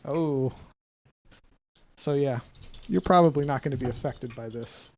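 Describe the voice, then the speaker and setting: A man narrating as game master of a tabletop game, lively and often laughing as he describes the action. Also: medium pitch, a little slow, slight background noise.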